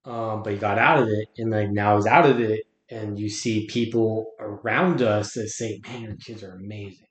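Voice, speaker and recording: A man's voice: fairly low pitch, steady tone, moderate pace, few pauses. A man talking as a podcast guest, earnest and reflective, often restarting his words. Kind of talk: casual conversation. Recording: roomy echo.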